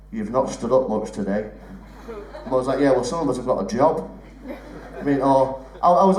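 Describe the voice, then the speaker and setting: On a theatre stage, a young man with a fairly high-pitched voice works the crowd in a chatty stand-up set, poking fun at them and swearing without restraint. The mic is distant, giving a roomy, off-mic theatre sound.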